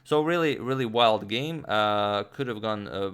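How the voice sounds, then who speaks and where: A man analyzing a chess game move by move, explaining with frequent pauses, restarts and filler sounds. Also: on the low side, expressive, fairly bright tone, clear, resonant tone. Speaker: chess commentator.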